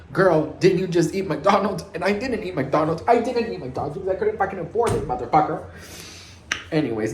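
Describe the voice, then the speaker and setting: Slightly high and a little mellow, this man's voice comes with a bit of hiss or hum. He vlogs celebrity gossip in a sassy, dramatic way, greeting viewers as "girl" and "best friend" and acting out quotes loudly, in an echoey room with faint ambience.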